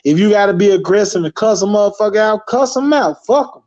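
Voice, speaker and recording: A man chatting casually as a guest on a live stream, loose and profane, with animated street talk. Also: high voice, quick pace. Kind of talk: casual chat. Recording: dull lo-fi stream audio.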